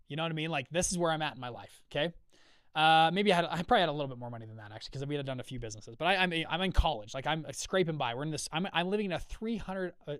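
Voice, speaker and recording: Male host of a live business call, fairly high-pitched with a dry sound, telling a story with animated, acted-out dialogue. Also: smooth, no room sound. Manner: energetic, acts out quoted dialogue with shifting voices; conversational, many fillers and check-ins. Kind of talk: storytelling talk to an audience.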